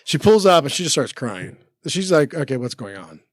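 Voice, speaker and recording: A man's voice: medium pitch, big pitch swings, moderate pace, dry recording. Rambling man telling stories, dry sound. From United States. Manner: rambling, many restarts and "like" fillers. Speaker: podcast guest. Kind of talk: casual storytelling chat. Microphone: studio mic.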